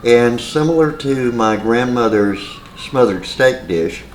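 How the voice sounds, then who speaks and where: A man's voice: mid-range voice, lively intonation, takes it slowly. A man hosting a casual home cooking demonstration, chatty and rambling, with side stories and plenty of filler words. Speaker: home cooking channel host. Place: home kitchen. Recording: roomy kitchen echo, faint noise.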